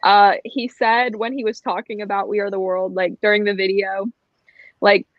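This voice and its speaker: A woman's voice: mid-range voice, level tone, moderate pace, no room sound. Playful woman on a muffled lo-fi line. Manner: playful, breezy. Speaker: debate panelist. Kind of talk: casual online debate.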